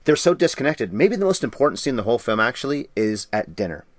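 A man co-hosting a podcast, talking through a horror film in casual chat with quick, jokey asides. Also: mid-range voice, very animated, no room sound. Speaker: podcast co-host.

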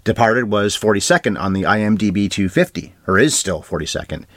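A man co-hosting a film podcast, running briskly through award trivia and box office numbers with dry asides. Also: lowish voice, expressive, a bit bright, dry recording. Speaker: podcast co-host. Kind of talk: casual film review chat.

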